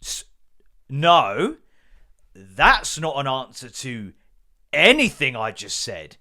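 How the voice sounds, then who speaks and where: A man hosting a podcast, telling a story as an animated, exasperated comedic rant and swearing freely. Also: mid-range voice, takes it slowly. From Britain. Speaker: podcast host.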